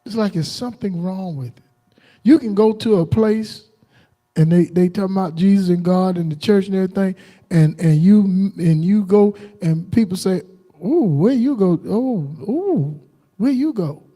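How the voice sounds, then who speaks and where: A man's voice: sits high, fairly even intonation, moderate pace, warm tone. A man preaching an informal sermon, telling folksy stories and acting out what people said. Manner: folksy storytelling with laughs and acted-out quotes.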